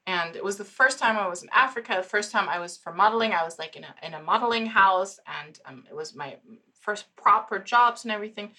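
Woman, forties, from Germany, podcast guest, bright tone, lively storyteller. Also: medium pitch, fast talker. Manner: laughs often, animated storyteller. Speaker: podcast guest, psychologist and founder. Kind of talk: casual interview chat.

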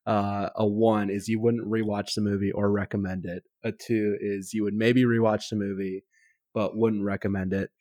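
A man with a lowish voice and a dry, close sound, explaining a podcast's rating system. He states his verdict plainly and moves on. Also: flat delivery, moderate pace, a little mellow, no echo. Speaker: podcast co-host. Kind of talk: casual chat.

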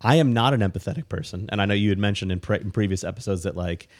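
A man's voice: on the low side, racing. A man co-hosting a podcast, explaining ideas in a matter-of-fact, casual way. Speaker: podcast co-host. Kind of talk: casual chat.

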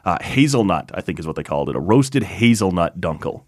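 A man's voice: deep voice, a little fast, no echo, studio quality. Laid-back man rambling about beer. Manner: relaxed, rambling, full of fillers. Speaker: podcast co-host. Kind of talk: casual beer-tasting chat.

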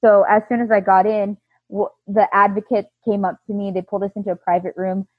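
A woman being interviewed, telling her own story in an earnest, halting way with frequent restarts. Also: mid-range voice, little pitch movement, dry recording, muffled recording. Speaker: interview guest.

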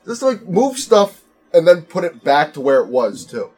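A man co-hosting a podcast, chatting casually and excitably. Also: moderate pace. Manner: excitable, sudden high jumps in pitch. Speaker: podcast co-host. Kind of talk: casual chat.

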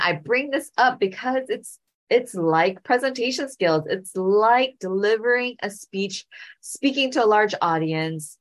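A middle-aged woman hosting a podcast, telling a story and giving speaking advice in an animated way, often repeating phrases. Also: mid-range voice. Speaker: podcast host and speaking coach.

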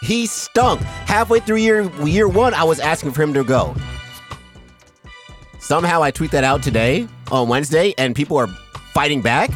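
A man's voice: fairly high pitch, expressive, normal speed, soft background music. Emphatic, profane male podcast host. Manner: emphatic, profane, keeps asking "right?". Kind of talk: heated sports podcast rant.

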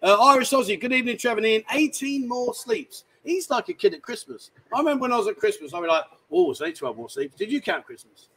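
A man's voice: extremely high pitch, expressive, fast talker, few pauses, a bit bright, poor audio. A man hosting a livestream from a bar, chatting casually, teasing and rambling. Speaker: livestream host. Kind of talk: casual banter. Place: bar, indoors.

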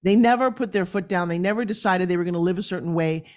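A woman's voice: lowish voice, quick pace, a little mellow. A woman from New York with a New York accent, a podcast guest telling her life story in a blunt, emphatic way. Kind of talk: candid interview storytelling.

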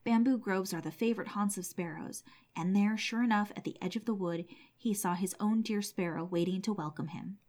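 A woman narrating a classic fairy tale at an even, storybook pace. Her voice sits in a middle register, measured and expressive as she moves through the tale. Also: mid-range voice.

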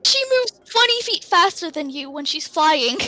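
Female player, high bright voice, giggly casual banter. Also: sing-song. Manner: giggly, quick questions. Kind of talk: casual tabletop play.

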